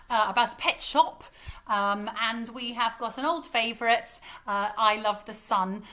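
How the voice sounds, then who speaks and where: A high, bright-toned woman with an English accent, leading children through warm-ups and songs. She talks in a cheerful, encouraging singsong, calling out actions and praising often. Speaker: music teacher. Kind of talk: leading a children's singing lesson.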